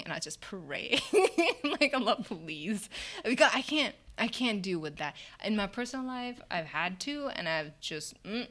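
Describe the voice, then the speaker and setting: A woman co-hosting a casual conversation, talking in an animated, candid way with frequent laughter and quoted asides. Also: lowish voice.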